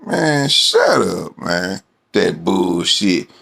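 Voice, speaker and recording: A man's voice: low voice, sing-song, very slow, gravelly, fairly bright tone. A man ranting casually about his team, rambling and profane, with many fillers. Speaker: sports fan vlogger. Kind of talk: casual fan rant.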